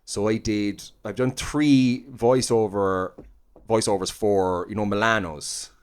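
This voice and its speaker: Chatty Cork man, lowish voice. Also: fairly even intonation, slow, clean tone. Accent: Cork Irish. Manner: rambling, filler-heavy, laughing. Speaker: comedian guest. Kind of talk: casual chat.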